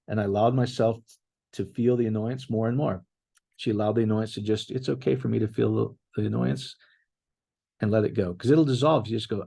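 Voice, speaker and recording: Male pastor, middle-aged, low husky voice, casual sermon delivery. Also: moderate pace, dark tone. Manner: conversational, reads out testimonies, addresses listeners as guys.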